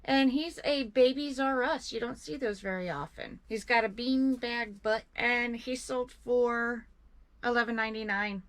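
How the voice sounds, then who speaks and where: A woman's voice: a little high, unhurried. An older woman with a Southern US accent, chatting cheerfully as co-host of a reselling video. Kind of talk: casual chat.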